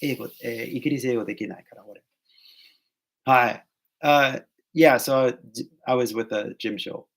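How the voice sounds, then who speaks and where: Man, American accent, gravelly edge, casual chatty vlog delivery, mid-pitched, English teacher mixing in Japanese. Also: brisk, pauses often, fairly bright tone. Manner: chatty, switches between English and Japanese, many "like"s. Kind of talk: casual talking-head advice vlog.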